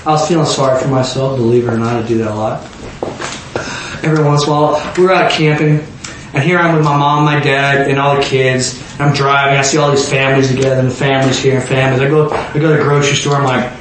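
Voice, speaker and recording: A young man preaching an informal storytelling sermon, animated and acting out voices with sudden shouts. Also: mid-range voice, fast. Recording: very echoey room, faint noise.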